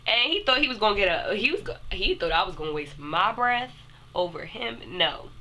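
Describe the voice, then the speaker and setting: A woman's voice: mid-range voice, big pitch swings, a little fast, sharp tone, poor audio. A young woman telling a casual storytime to her viewers in a chatty way, speaking straight to them.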